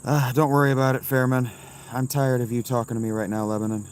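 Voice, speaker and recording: A man in his thirties, live streaming from a campsite and answering his chat with blunt, dismissive, quick replies. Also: medium pitch, little pitch movement, slight background noise. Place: outdoors at a campsite.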